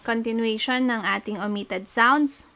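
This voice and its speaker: A woman's voice: on the high side, a little slow, pushed and bright. A young woman with a Filipino accent teaching shorthand, patiently spelling out letters and repeating words. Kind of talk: online lesson, mixing Filipino and English.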